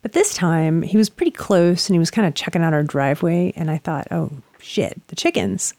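Casual storyteller: a woman with a lilt, a lower voice, recorded dry. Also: brisk, no echo. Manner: animated, acts out quotes, swears freely. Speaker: storyteller in a couple's chat.

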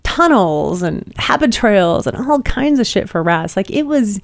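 Woman podcast co-host, gravelly edge, dry close mic, lively swearing storyteller. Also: mid-range voice, unhurried, no room sound. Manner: animated storytelling, swears freely. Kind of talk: casual chat.

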